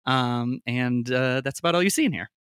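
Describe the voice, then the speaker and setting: A man's voice: medium pitch, moderate pace, fairly bright tone, clean tone, no echo, studio quality. A man running a tabletop game as game master, describing scenes in a rambling way full of ums and uhs. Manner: rambling, filler-heavy descriptions.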